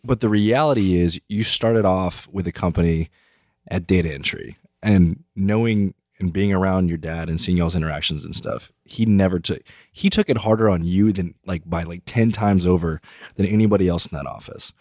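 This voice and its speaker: Podcast host guy w a really deep voice, laid back and slangy, dry mic. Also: moderate pace, darkish tone, no room sound. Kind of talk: casual chat.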